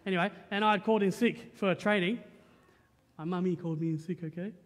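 A young Australian man preaches from the stage in a very high, bright voice, joking with the congregation and asking "right?" after nearly every point. His voice rings out through a church hall with a long trailing reverb. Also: quick pace. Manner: lively, joking, conversational, keeps asking "right?". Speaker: pastor. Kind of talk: sermon. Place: church auditorium.

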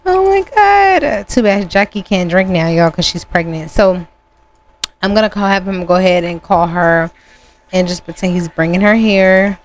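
A woman hosting a gaming channel, narrating her gameplay casually to viewers with sudden high exclamations. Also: fairly even intonation, moderate pace, a little hiss or hum.

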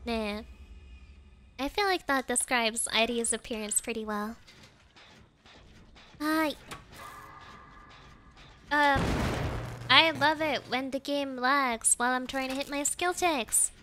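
Brief: woman streamer, very high and bright, unhurried, playful and dramatic. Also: slight background noise. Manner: playful, dramatic pleading and exclamations. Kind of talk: live gameplay commentary.

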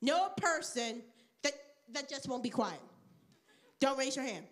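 A woman's voice: high voice, expressive, measured pace. A woman teaching an interactive Bible lesson to children at church, playful, with dryly sarcastic asides and questions to the kids.

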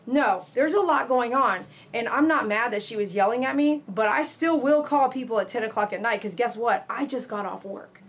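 A woman's voice: on the high side, moderate pace, hardly any pauses. A woman, a dog groomer chatting casually to her live-stream viewers while she works in her grooming salon. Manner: chatty and animated, mimics callers loudly.

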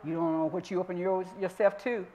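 A woman's voice: on the low side, fairly even intonation, dark tone, lo-fi sound. Emphatic woman minister teaching scripture. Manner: emphatic, repeats and drawls scripture slowly. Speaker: minister teaching Bible study. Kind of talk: sermon-style Bible teaching. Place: church.

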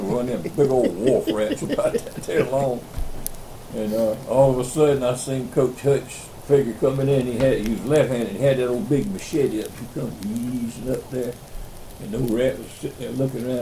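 A man's voice: mid-range voice, moderate pace, mellow, slight background noise, poor audio. Older South Carolina man in his 70s; rambling, folksy campfire storyteller. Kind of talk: casual storytelling.

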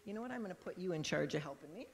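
A woman pastor giving a children's message in church, telling a story lively and acting out the voices, with a handheld microphone. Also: on the low side, racing, vocal fry. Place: church sanctuary. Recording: long church reverb.

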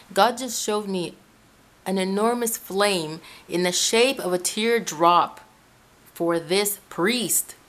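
A woman from Ecuador chats straight to her camera in a room at home. Her voice sits at an ordinary middle pitch, and she talks in a loose, rambling way, often stopping to correct herself as she tells her viewers about her faith. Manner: chatty, rambling, frequent self-corrections. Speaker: Christian video blogger. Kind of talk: casual religious vlog talk. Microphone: camera in front of her.

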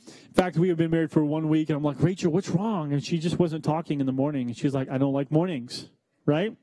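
A young man preaching a church sermon, talking conversationally with joking asides and slowing down for emphasis. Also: a little high, fairly even intonation, warm tone, dry recording. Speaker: pastor.

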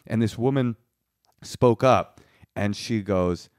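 A man's voice: fairly low pitch, slow, pauses often, a little mellow, no echo, clean studio sound. A man co-hosting a comedy podcast, bantering and teasing in casual chat. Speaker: podcast co-host.

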